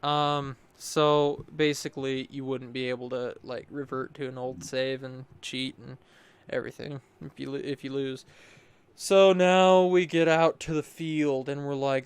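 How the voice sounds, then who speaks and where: A man's voice: medium pitch, unhurried, smooth, no echo. A young man talking casually over his gameplay footage, rambling and restarting his sentences as he recounts a battle. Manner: rambling, restarts often, chatty and animated. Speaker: gameplay commentator.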